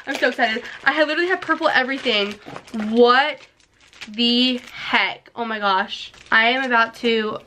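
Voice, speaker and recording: Woman beauty vlogger, bright and excitable, gushing casual unboxing chat. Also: on the high side, moderate pace, a little hiss or hum. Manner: gushing, excitable, breathless delight; slangy and chatty.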